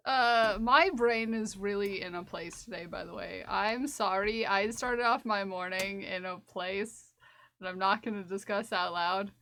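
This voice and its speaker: A woman's voice: mid-range voice, measured pace, bright, forceful tone, slight background noise. A woman streamer chatting casually while crocheting, repeating her own phrases to herself as she works.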